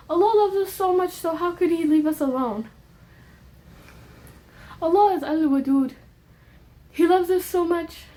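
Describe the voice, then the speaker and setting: A young woman with a high voice speaks straight to her viewers in an impassioned faith monologue. She leans hard on repetition, pushing the same point louder and higher. She slips easily into casual slang asides between the heavier moments. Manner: earnest, repeats herself with rising emphasis. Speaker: faith vlogger. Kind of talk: emotional religious monologue.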